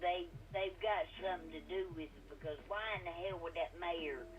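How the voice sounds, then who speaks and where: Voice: medium pitch, steady tone, moderate pace, phone-quality sound, slight background noise. A co-host on a casual live-stream podcast who speaks in a plain, folksy way, with mild curses.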